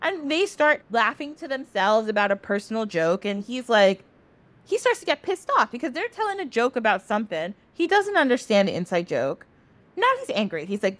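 A woman podcast host retelling a myth in a casual, animated way, swearing freely. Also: fairly high pitch, normal speed.

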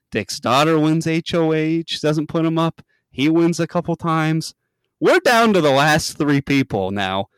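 A man's voice: medium pitch, smooth, no echo. A man hosting a podcast, retelling a reality show in casual chat, swearing a lot and acting out the quotes. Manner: animated storyteller, swears a lot, acts out quotes in a raised voice. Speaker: podcast host.

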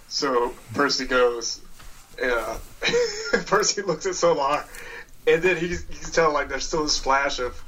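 A man playing a tabletop game, animated and laughing at his own lines. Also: fairly high pitch, slow, slight background noise. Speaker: player. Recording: distant from the mic.

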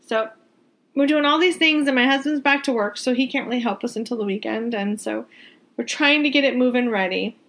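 Exasperated woman ranting, a bit high. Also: brisk. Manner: exasperated, venting, swears freely; animated, emphatic repetition. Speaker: vlogger telling a travel story. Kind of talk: casual storytelling rant.

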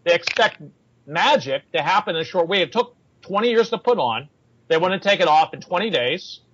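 A man's voice: high-pitched, fairly quick, slight background noise. A man talking fitness in a casual chat, telling anecdotes and acting out the people he quotes. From United States. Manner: animated storyteller, acts out quoted people. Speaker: fitness coach. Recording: dull, slightly lo-fi sound.

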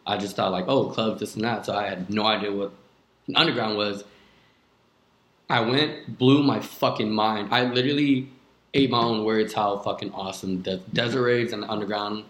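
A man's voice: fairly low pitch, fairly even intonation, normal speed, a bit bright. A young man, a DJ guest on a podcast, telling his story in a loose, casual way, swearing often and filling with "like". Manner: loose, swears a lot, many "like" fillers. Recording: echoey room.

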